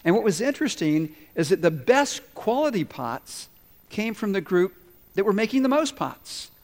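Man, pastor, storytelling sermon, acts out the characters, fairly high voice, big echoing church hall. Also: very animated, normal speed. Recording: long reverb of a large hall.

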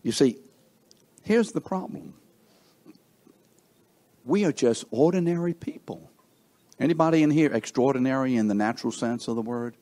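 A middle-aged man preaching a sermon, slow and emphatic, asking the congregation rhetorical questions. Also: dark tone. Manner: slow, emphatic preaching with wide swings in pitch and volume.

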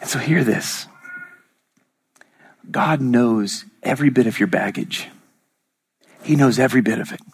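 A man preaching a sermon as pastor, swinging from loud rising lines to hushed whispers. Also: medium pitch, unhurried, vocal fry, pauses often, breathy edge.

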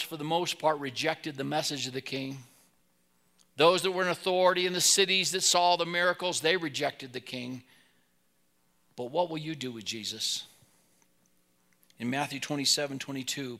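A man preaching a sermon, telling Bible stories and swinging between loud emphasis and soft asides. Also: fairly high pitch. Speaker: pastor.

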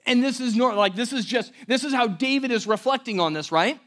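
A man preaching a sermon as pastor, conversational and animated, often checking in with the audience. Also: very high-pitched, brisk.

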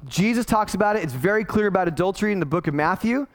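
A man's voice: high voice, animated, fast. A man in his forties, a pastor, preaching a conversational sermon that is full of restarts and acted-out quotes.

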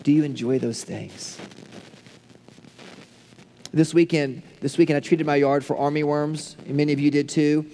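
A male pastor preaching a sermon, building to impassioned peaks and then falling to hushed, soft prayer. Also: a little high, steady tone, moderate pace, long pauses, long reverb tail, a little hiss or hum. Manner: impassioned, rising to near shouts then dropping to hushed tones.

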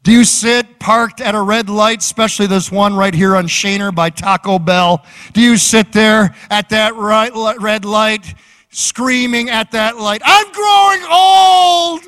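A man's voice: high voice, level tone, a little slow, fairly bright tone. A man preaching a sermon as pastor, fervent and rhythmic, with repeated phrases.

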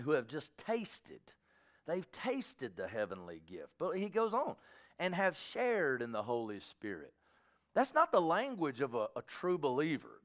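A man pastor preaching a sermon in a church, swinging from quiet asides to shouted exhortation. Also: on the high side. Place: church sanctuary.

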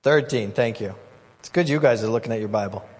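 A man preaching a sermon as pastor, conversational and animated, acting out voices in the story. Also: fairly low pitch, brisk, husky. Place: church hall. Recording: long hall reverb.

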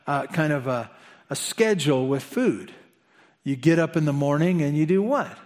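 A man preaching a conversational sermon, asking the listeners questions and slipping in chatty asides. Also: medium pitch. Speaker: pastor.

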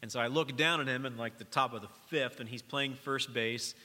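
A middle-aged man, a pastor preaching a sermon in a church, speaking earnestly, dropping to a hush and then rising to emphasis. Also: mid-range voice, fairly even intonation, a little fast, long reverb tail. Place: church sanctuary during worship.

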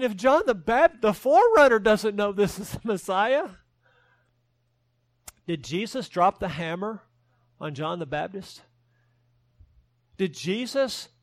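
A man's voice: sits high, no echo. A man preaching a sermon as a pastor, earnest and emphatic, with self-deprecating humor.

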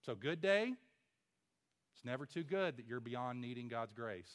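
A man preaching a sermon as pastor, emphatic, with rhetorical questions and swings from loud to hushed. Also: medium pitch, lively intonation, unhurried.

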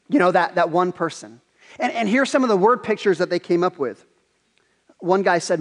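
A pastor with a high voice delivers a sermon, telling his stories with animated energy. He often restarts and repeats words as he goes. His voice rings out with a long reverb in a church sanctuary. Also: brisk.

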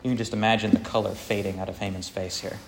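A man's voice: lowish voice, little pitch movement, quick pace, noisy background. Conversational, earnest male preacher. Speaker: pastor. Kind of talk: sermon. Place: church.

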